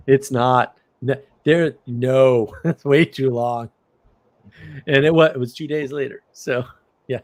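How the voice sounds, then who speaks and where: A middle-aged livestream host with a medium-pitched voice talks at a moderate pace. His casual chat wanders through animated, rambling stories, punctuated by bursts of laughter.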